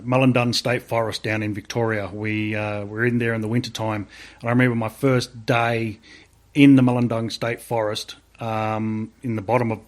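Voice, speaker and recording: An Australian man, an army veteran guest, telling stories in a casual interview, rambling with many fillers and swearing freely. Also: fairly low pitch.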